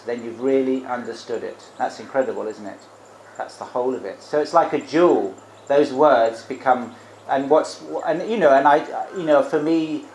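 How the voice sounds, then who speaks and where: Male monk teacher, mid-pitched, musing Dhamma talk in an echoey room with faint hiss. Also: darkish tone. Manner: reflective, explains Pali terms with rhetorical tag questions. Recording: roomy echo, faint background noise.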